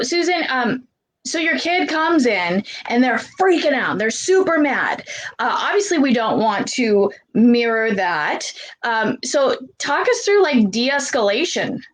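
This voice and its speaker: A woman hosting a casual interview, asking unhurried questions and murmuring agreement often. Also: on the high side. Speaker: interview host.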